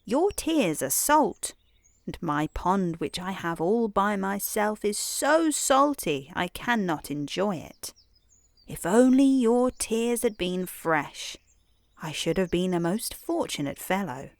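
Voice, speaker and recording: A woman's voice: mid-range voice, very animated, slow, no echo. A woman doing a fussy talking frog. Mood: rueful. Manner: gentle storybook voicing.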